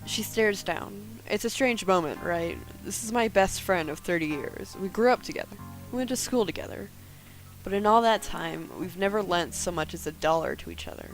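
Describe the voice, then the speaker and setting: A brooding, guarded woman in her thirties, voiced by a woman reading a game aloud. Her quiet, dry first-person narration stays at a mid pitch, with faint music underneath. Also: lively intonation, normal speed, natural voice, rough recording. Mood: reflective.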